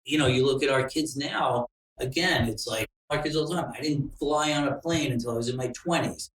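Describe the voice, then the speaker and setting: A man's voice: medium pitch, brisk, fairly bright tone. A middle-aged man telling candid, profane stories in a casual interview. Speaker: screenwriter guest. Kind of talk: casual storytelling chat. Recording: roomy, distant mic.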